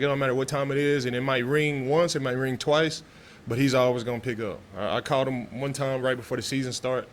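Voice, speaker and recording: A man's voice: medium pitch, slight background noise. A man from Texas, a pro football player answering press questions in a loose, laid-back way with many restarts.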